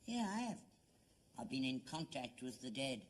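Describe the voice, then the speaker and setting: A man's voice: medium pitch, sing-song, normal speed, a little hiss or hum, natural voice. A man playing a gullible old father in a sitcom, with an earnest, put-upon manner. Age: older. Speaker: actor in sitcom. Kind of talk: 1970s sitcom acting.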